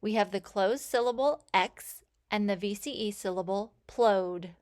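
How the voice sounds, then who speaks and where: A woman teaching a phonics lesson, sounding out letters and words with slow, clear enunciation. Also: mid-range voice, a little mellow. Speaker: reading teacher.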